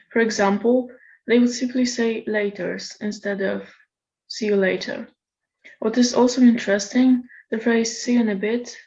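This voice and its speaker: A woman gives a recorded lecture presentation in a measured, explanatory manner. Her voice sits at a middle pitch, and the recording sounds slightly dull and lo-fi. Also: darkish tone.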